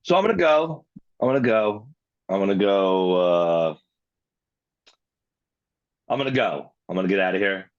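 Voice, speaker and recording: Man, podcast co-host, sarcastic, cursing, lowish voice, dry close mic. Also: lively intonation, moderate pace, long pauses, no echo, dull audio. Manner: sarcastic, profane teasing. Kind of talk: casual banter.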